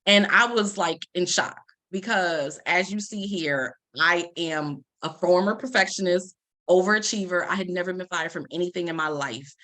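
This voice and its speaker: A woman's voice: on the low side, normal speed, bright, forceful tone. A woman, a life coach telling a personal story to an audience and acting out the lines she quotes. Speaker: life coach and Reiki practitioner.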